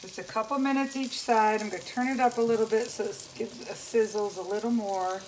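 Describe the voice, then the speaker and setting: A woman's voice: on the high side, fairly even intonation, a little fast, low-quality recording. A woman hosting a home cooking demonstration in her kitchen, chatting viewers through each step. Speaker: home cooking channel host. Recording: loud sizzling pan noise.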